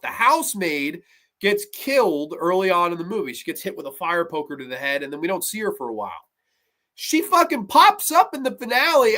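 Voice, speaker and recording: A man reviewing horror films on his own show, talking casually with heavy swearing and lively swings in his delivery. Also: high-pitched. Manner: profane, animated, mocks scenes in put-on voices. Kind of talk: casual solo film review.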